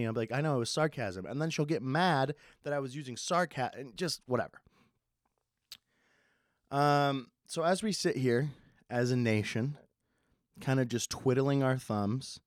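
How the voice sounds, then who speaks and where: A man's voice: medium pitch, dry recording, clean studio sound. Sarcastic young man rambling on a podcast. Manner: sarcastic, swears a lot, swings between fast and slow. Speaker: podcast host. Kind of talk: casual solo podcast rambling.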